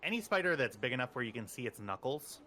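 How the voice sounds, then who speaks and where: A man acting as game master, chatting casually and telling rambling, animated stories before narrating the game. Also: fast. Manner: animated rambling storyteller, squeaky high voice for quotes.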